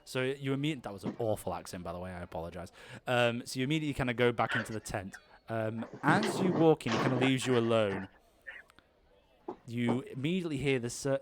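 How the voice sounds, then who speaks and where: A man's voice: medium pitch, quick pace, slight background noise. A man running an improvised tabletop game, narrating in a rambling way full of ums and kind-ofs. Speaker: game master.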